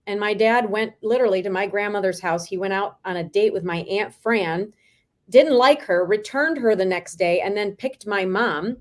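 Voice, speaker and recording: A woman in her forties, a real estate team leader, telling lively stories as an interview guest. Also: medium pitch, moderate pace. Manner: lively, animated anecdotes. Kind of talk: storytelling in a video interview.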